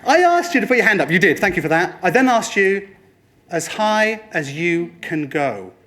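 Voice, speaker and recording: A man giving a lively motivational presentation to a room, addressing the audience and slipping into other people's voices for quoted lines. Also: high voice, moderate pace. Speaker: speaker at a training talk.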